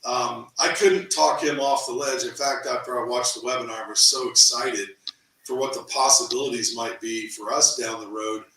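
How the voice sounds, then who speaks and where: A middle-aged man tells a story in a casual interview, lively, repeating words and acting out quotes. His voice is bright and forward. It is recorded in an echoey room from some way off the mic. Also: mid-range voice, normal speed, distant mic, a little hiss or hum. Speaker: real estate team owner, interview guest.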